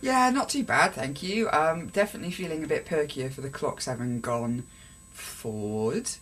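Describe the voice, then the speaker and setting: A woman's voice: deep voice, brisk, slight background noise. Chatty young woman podcasting. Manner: chatty, animated, self-deprecating. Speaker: podcast co-host. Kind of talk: casual podcast chat.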